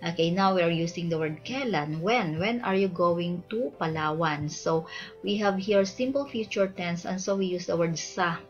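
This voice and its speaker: Female language teacher, lowish voice, patient classroom delivery with frequent "okay" check-ins. Lo-fi audio with faint music underneath. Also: moderate pace. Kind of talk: explaining grammar over slides. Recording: slightly dull lo-fi audio with faint background music.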